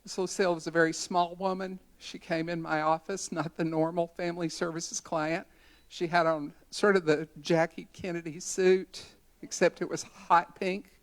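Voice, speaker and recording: A woman's voice: lowish voice, level tone, moderate pace. Woman in her sixties telling a story. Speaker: community educator. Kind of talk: storytelling speech at a symposium. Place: college conference center.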